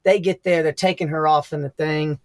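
Profane, animated Southern man telling stories. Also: a little high, moderate pace, no echo, clean studio sound. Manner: profane, animated storyteller, laughs often. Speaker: podcast guest. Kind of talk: casual storytelling interview.

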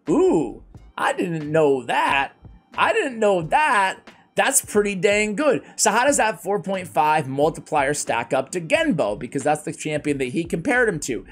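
A man giving casual, rambling commentary on a game character's build, with self-deprecating asides. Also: a little high. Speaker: game guide creator.

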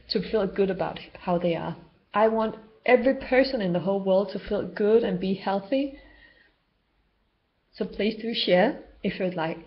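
A woman vlogger talking unscripted to camera about spiritual healing, rambling and loosely structured. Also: medium pitch. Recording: dull lo-fi home video sound.

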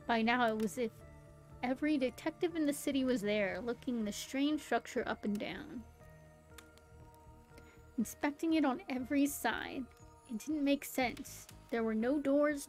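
In a rough recording, a young woman with a voice on the high side dramatically reads out a game's story on stream. She keeps interrupting the narration with giggly, amused asides while faint music plays behind her.

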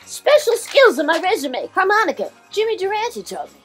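Actress doing a scatterbrained older diva: high, swooping voice, gushing and rambling, faint music behind. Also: female voice, sing-song, moderate pace. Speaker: comic impressionist. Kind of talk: comic celebrity impression monologue.

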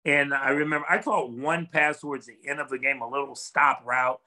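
A man's voice: medium pitch, steady tone, a little fast, bright, forceful tone, low-quality recording. An older man, a former football player, talking as a guest in a casual interview, earnest and reflective, rambling with restarts.

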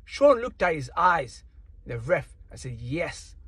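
Husky high-voiced man ranting. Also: big pitch swings, unhurried, a bit bright. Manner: indignant, repetitive, slangy. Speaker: boxing commentator. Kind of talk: casual ranting commentary.

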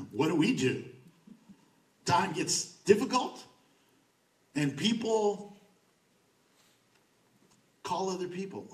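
Pastor guy preaching, highish voice, keeps going no no no, echoey church picked up from far off. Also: sing-song, very slow, pauses often. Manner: emphatic and conversational, repeating words for stress. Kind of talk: sermon. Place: church sanctuary.

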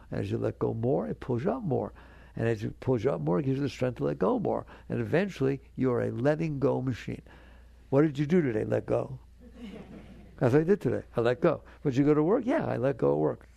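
Gravelly, husky man giving a spiritual talk. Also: mid-range voice, expressive, brisk, dark tone. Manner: earnest and conversational, coaxing. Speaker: spiritual teacher.

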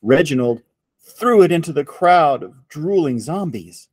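A man reading a picture book aloud to children in an expressive storytelling voice. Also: fairly high pitch, no room sound. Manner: slow, expressive read-aloud.

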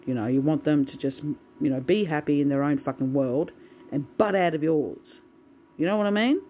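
A woman's voice: sits low, normal speed, dark tone, a little hiss or hum, rough recording. A woman venting in a casual, swear-filled monologue to the camera. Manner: swears a lot, ranting. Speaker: vlogger.

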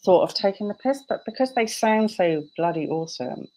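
A woman's voice: mid-range voice, lively intonation, a little fast, mellow, poor audio. A woman author chatting as a guest, enthusiastic and chatty with casual British slang. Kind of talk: casual chat.

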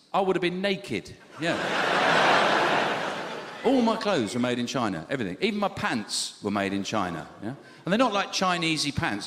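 A middle-aged English comedian delivers wry, deadpan stand-up with a very lively, swinging pitch. His voice carries through a live hall with a long reverb, and clear ambient noise sits beneath it. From England.

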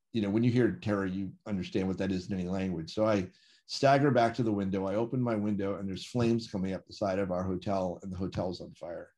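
Man telling a tense story, slightly low voice. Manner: vivid, animated retelling with quoted dialogue. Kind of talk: conversational storytelling.

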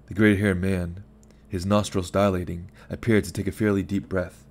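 A man narrating a short story in an even, unhurried audiobook style. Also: sits low.

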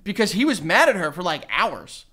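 A man's voice: high voice, fairly quick, slightly rough. A man co-hosting a casual podcast chat, telling stories with lots of acted-out quotes and laughter. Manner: animated storytelling, acts out quotes, laughs often. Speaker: podcast co-host.

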